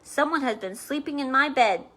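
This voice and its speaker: Big father bear in a storybook, steady plain voice, pretty high woman reader doing it. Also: moderate pace. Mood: puzzled. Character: great big male father bear, firm. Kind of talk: storybook read-aloud.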